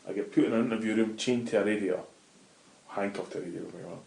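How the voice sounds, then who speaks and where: A man's voice: lowish voice, fast, vocal fry, a little mellow. Scottish man telling a story. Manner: vivid anecdotal storytelling, frequent swearing. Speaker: interview guest. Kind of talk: casual storytelling interview. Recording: roomy echoey room.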